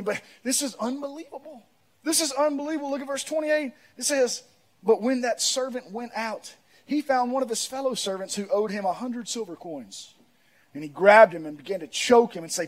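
Pastor, male, high voice, mid-sermon, shifting between big emphatic passages and hushed storytelling. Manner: swings from loud emphatic preaching to quiet reflective storytelling.

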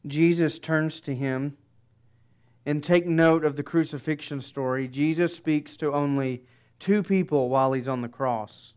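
A pastor preaching a sermon, emphatic, with dramatic soft pauses. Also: male voice, on the high side, clean tone.

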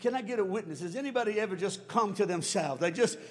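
A man preaching a sermon, telling a story with chuckles and swinging from hushed, slow passages to shouted lines. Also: high voice, expressive. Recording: long hall reverb, faint music.

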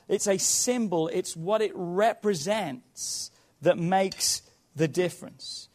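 A man's voice: sits high, a little mellow. A man preaching a sermon as a pastor, asking the congregation questions and stacking repeated phrases. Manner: preaching with rhetorical questions and repetition.

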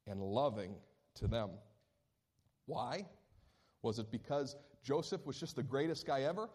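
Man preaching a lively sermon. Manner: animated, rising to high emphatic questions; reads scripture aloud slowly and deliberately. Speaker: pastor.

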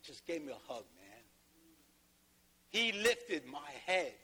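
A man's voice: high voice, very animated, a little slow, pauses often, pushed and bright, breathy edge. A man pastor preaching a sermon, telling a personal story and rising to emphatic peaks. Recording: long hall reverb.

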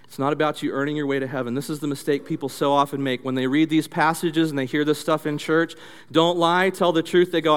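A male pastor giving an interactive sermon through animated storytelling, leading the audience in call-and-response drills. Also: a little high, brisk, clear, resonant tone. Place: church. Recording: long church reverb.

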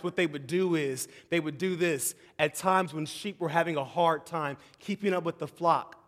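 A man preaching a sermon, moving between shouting excitement and hushed, tender tones and often calling the audience "y'all". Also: fairly high pitch. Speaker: pastor. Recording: long hall reverb.

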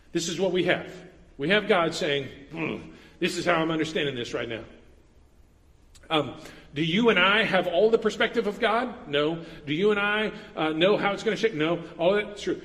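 A man's voice: high-pitched, a bit bright, long reverb tail. A man preaching an earnest sermon as pastor, stressing points with repetition.

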